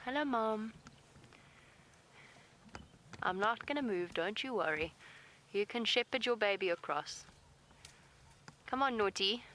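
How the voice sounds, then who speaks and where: A woman safari guide giving live wildlife commentary outdoors, calm and gentle, talking softly to the animals near her vehicle and answering viewer questions. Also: medium pitch, low-quality recording.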